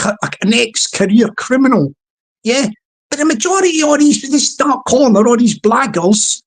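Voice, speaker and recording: A woman hosting her own channel in a chatty, mocking monologue, often laughing and repeating words. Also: on the high side. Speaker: channel host. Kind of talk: casual rambling vlog monologue.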